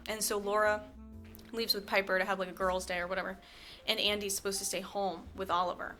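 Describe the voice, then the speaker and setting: A woman with a bright voice and a mid-range pitch tells a movie plot in casual podcast chat. She is animated and uses lots of fillers. She acts out the characters' lines as she goes, with faint music underneath. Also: fairly quick. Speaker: podcast co-host.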